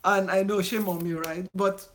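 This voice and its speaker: A woman's voice: medium pitch, steady tone, normal speed, slight background noise. Chatty middle-aged woman hosting a live chat. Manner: chatty and warm-hearted, laughs often. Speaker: YouTube channel host.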